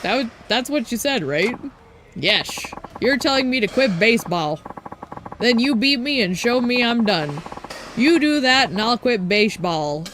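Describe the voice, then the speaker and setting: A woman's voice: a little high, lively intonation, measured pace, a bit bright, slight background noise. A woman reading aloud as a drunken, folksy former baseball ace, brash and full of old-timey slang. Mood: belligerent.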